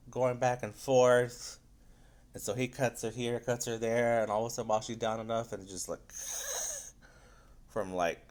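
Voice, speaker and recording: A man giving a casual spoiler review of a film, loose and rambling, with frequent swearing. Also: mid-range voice.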